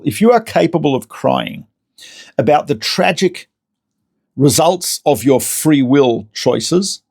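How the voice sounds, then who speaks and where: A man, a rabbi, giving a recorded lecture as an animated storyteller who repeats words and corrects himself. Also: on the high side, vocal fry.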